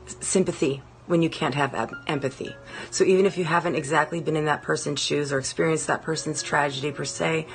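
Gravelly, thoughtful voice searching for words. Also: mid-range voice, a bit bright, low-quality recording. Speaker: community member sharing a view. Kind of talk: reflective personal statement.

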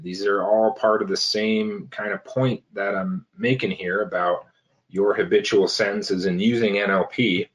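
A health coach giving casual advice, pausing often with fillers and restarting phrases. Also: male voice, lowish voice. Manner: hesitant, many fillers and restarts.

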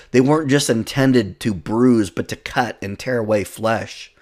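A man preaching a sermon in an earnest way, reading scripture and slowing down to stress key words. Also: lowish voice, a little mellow.

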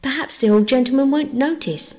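A woman's voice: high-pitched, a little fast, a little mellow, voice pushed up, close to an everyday voice. A woman voicing an earnest, polite young girl who pleads eagerly, heard in a long reverb.

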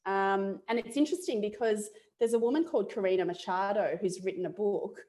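A woman's voice: medium pitch, fairly quick. A middle-aged Australian woman, a guest on an interview show, telling a personal story in a casual way. She laughs often and acts out what she was thinking at the time. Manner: animated, laughs often, acts out her own past thoughts.

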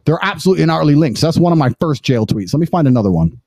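A man in his thirties hosting a live stream, talking in a boastful, insistent way that builds to loud emphasis. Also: fairly high pitch, very animated, racing, no room sound. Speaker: livestream host.

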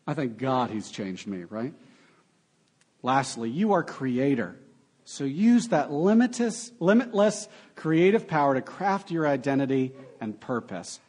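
Animated young male preacher, lively pitch. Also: breathy edge. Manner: animated preaching with sarcastic asides. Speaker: pastor. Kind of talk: sermon.

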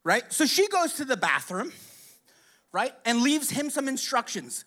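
A man spins a crude, rambling anecdote for a crowd, his pitch swinging up and down with lively energy. He keeps checking in with his listeners and chuckles between lines, loose and profane throughout. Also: a little slow. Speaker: storyteller. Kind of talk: casual profane storytelling to a live audience.

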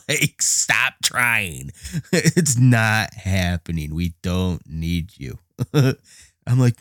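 A man telling a casual story, excitable, laughing often and acting out his own past lines. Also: fairly low pitch, takes it slowly, no room sound, clean studio sound. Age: adult with a child.

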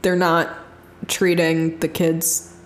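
A woman co-hosting a podcast tells a story in casual conversation, chatty and giggly and full of fillers. Her voice is low and monotone, slow, with a reverberant sound.

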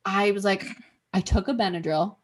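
A woman hosting a podcast, telling a story in casual chat, animated, swearing freely and acting out what she said. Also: mid-range voice, moderate pace. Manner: animated, swears freely, acts out her own past remarks. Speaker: podcast host.

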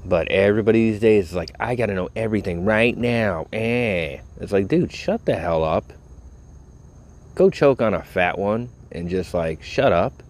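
A man's voice: on the low side, animated, unhurried, a little mellow. A tired man rambling casually to his audience, laid-back and full of profanity. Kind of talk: casual rambling talk to camera.

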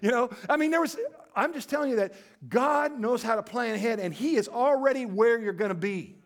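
A male pastor preaching a sermon in a storytelling way, acting out quoted voices and dropping to a quiet, low voice for emphasis. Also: brisk.

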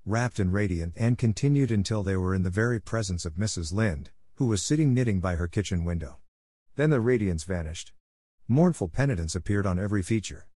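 A man narrating a classic novel as an audiobook, reading in a steady, even way. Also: deep voice, brisk, no echo, clean studio sound. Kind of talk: scripted narration.

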